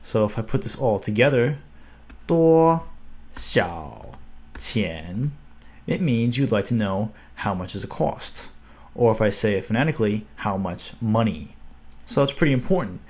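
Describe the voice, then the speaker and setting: A young man giving a casual, upbeat video lesson, slowing down to spell out words. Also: medium pitch, a little mellow, slightly rough. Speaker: language teacher.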